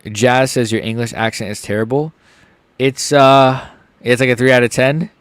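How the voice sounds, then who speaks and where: Man, live fight reaction streamer, excitable, joking, mid-pitched voice. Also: moderate pace, smooth, no echo. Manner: excitable, joking, blurts out swearing.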